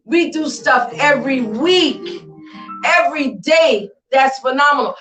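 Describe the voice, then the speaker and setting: A woman's voice: sits high, a little slow, fairly bright tone, recorded from a distance, soft background music. A woman hosting a talk show, talking emphatically and often raising her voice. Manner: emphatic, exclamatory, often raises voice. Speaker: podcast host. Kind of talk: casual talk show chat. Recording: roomy sound, away from mic.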